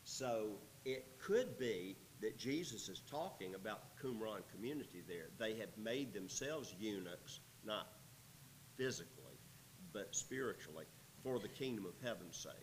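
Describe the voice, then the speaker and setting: A man's voice: fairly low pitch, lively intonation, measured pace, a little hiss or hum, rough recording. A man teaching through a Bible passage, reading verses aloud and then explaining them in an easygoing, conversational way.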